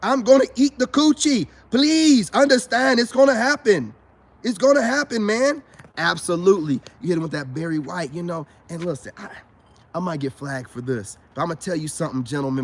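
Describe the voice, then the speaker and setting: A man giving a casual vlog monologue to camera, boastful and preachy, talking straight to his viewers as brothers and repeating his points. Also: fairly high pitch. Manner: addresses viewers directly as brothers. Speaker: self-styled spiritual advice vlogger.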